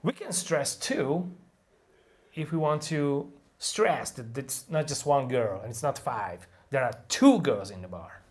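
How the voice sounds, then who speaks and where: An American man gives an online pronunciation lesson at an unhurried pace. His pitch rises and falls a lot as he drags out the key words of his examples. He mixes the teaching with crude, cheeky jokes. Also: expressive, a little mellow. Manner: playful, crude jokes, slow drawn-out stressing of example words.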